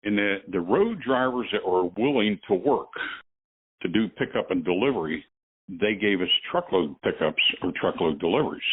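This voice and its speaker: Older man with a husky voice, phone line. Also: deep voice, lively intonation, moderate pace. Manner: rambling, chuckling storyteller. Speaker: guest, veteran truck driver. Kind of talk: telling stories in a casual conversation.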